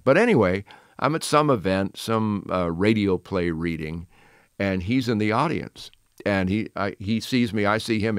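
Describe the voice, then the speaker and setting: A man in his sixties tells chatty anecdotes with quick asides and restarts. His voice sits on the low side and sounds smooth and resonant. The recording is close and dry. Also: dry recording. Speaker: guest, television host. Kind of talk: casual storytelling interview.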